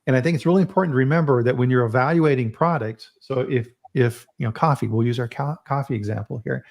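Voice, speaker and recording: A man at an ordinary middle pitch hosts a casual online chat. He talks in an animated, storytelling way, often restarting sentences and repeating words as his thoughts race ahead. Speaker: host. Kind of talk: casual live-stream chat.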